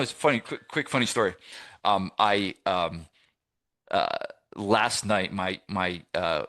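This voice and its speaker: A middle-aged fitness business coach from New Jersey leads gym owners through a live masterclass. His voice is on the low side with a sharp tone, and he rambles conversationally with many fillers and restarts.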